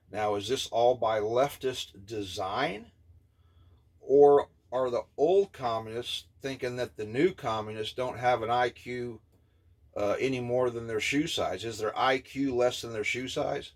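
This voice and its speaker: A man in his fifties giving an indignant, scornful opinion rant, blunt and halting, with many filler pauses. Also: mid-range voice. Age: 50s. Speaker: vlogger.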